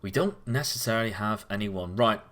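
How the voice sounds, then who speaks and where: A young man, casually commenting as he plays a football management game, chatty and given to sudden loud cheering. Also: lowish voice, fairly quick. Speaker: gaming commentator.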